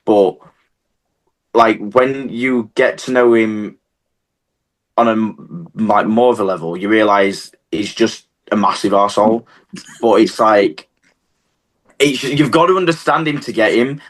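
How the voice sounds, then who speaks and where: A man's voice: lowish voice, a little slow, pauses often, a bit bright. A man telling stories in casual podcast chat, rambling with lots of fillers and poking fun at himself. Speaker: wrestler, podcast guest.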